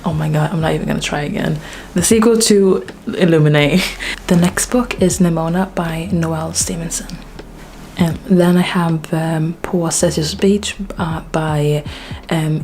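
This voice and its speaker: Swedish woman doing a bookshelf tour vlog, kinda low voice, bit out of breath, lots of ums, faint background hiss. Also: a little mellow. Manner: chatty and self-deprecating, frequent fillers and laughs. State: slightly out of breath. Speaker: book vlogger.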